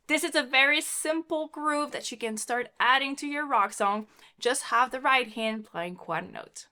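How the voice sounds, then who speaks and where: A fairly high-voiced woman gives an upbeat keyboard lesson, walking through the rhythm and counting the beats. Loud piano playing sits right under her voice. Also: lively intonation, normal speed. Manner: upbeat, instructive. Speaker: piano teacher.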